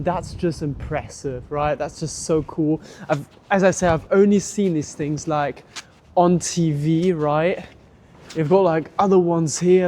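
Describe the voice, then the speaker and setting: Young man, travel vlogger, casual rambling, slightly high voice, outdoors walk-and-talk. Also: a little mellow, slight background noise. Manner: rambling, casual, many restarts and fillers. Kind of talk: walking vlog commentary. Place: outdoors at a large war memorial park.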